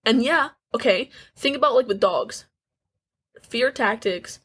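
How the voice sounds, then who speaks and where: An eighteen-year-old woman co-hosting a candid podcast, talking earnestly and haltingly, with frequent restarts and nervous little laughs. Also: a little high, expressive, fairly bright tone, slightly rough. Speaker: podcast co-host.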